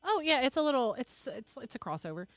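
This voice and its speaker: Lively, fairly high-voiced woman co-host. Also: quick pace, no room sound. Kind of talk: casual livestream chat.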